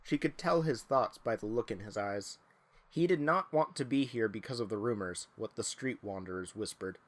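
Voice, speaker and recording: A man reading a story aloud to friends, slipping in dry, deadpan jokes. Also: fairly low pitch, moderate pace. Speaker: story reader.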